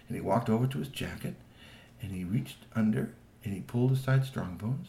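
A man's voice: lowish voice, fairly quick, creaky, roomy sound, slight background noise. A man telling a children's story aloud, addressing the listeners directly. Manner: lively, talks to listeners directly.

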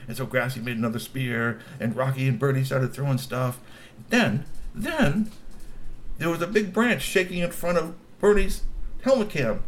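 A man's voice: mid-range voice, moderate pace. A man telling a long story with exclamations, laughing asides and repeated words. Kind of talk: animated oral storytelling.

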